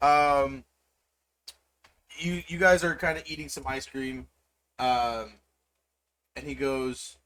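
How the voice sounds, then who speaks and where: Male game master, bright, rambling narration. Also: medium pitch, level tone, slow, long pauses, slight background noise. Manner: loose, rambling, filler-heavy.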